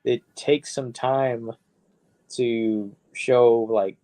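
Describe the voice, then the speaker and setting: Slow-talking man with a mellow voice. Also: medium pitch, fairly even intonation. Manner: profane, laid-back, rambling. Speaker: podcast co-host. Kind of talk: casual podcast chat.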